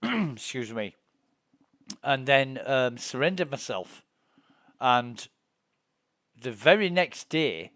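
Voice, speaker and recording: A man's voice: medium pitch, lively intonation, unhurried, long pauses, fairly bright tone, no echo, clean studio sound. A middle-aged man, streaming a space game and telling rambling, profane, indignant stories. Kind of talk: casual gameplay chat and storytelling.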